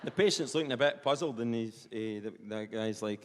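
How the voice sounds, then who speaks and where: A Scottish man with a Perthshire accent doing live stand-up, chatty and rambling, full of colloquial asides. His voice sits at a middle pitch. It echoes in a big hall with a long reverb. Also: fairly quick. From Scotland. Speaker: stand-up comedian.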